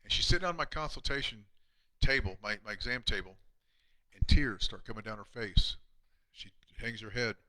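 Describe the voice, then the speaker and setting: A man, a chiropractor, telling emotional patient stories on a live stream, earnest and often dropping to a hushed voice. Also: on the low side, moderate pace. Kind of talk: heartfelt storytelling on a live stream.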